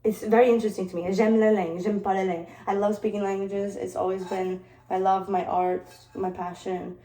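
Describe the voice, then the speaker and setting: A woman's voice: mid-range voice, level tone, fairly quick, warm tone, reverberant, recorded from a distance, poor audio. A woman from Detroit chatting casually in a vlog, playful and laughing often, with a mixed accent that partly sounds British. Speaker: vlogger. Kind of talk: casual chat while working.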